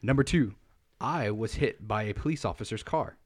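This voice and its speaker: A man's voice: on the low side, moderate pace. A young man in casual chat with friends, teasing and running the rounds of a party game. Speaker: game player.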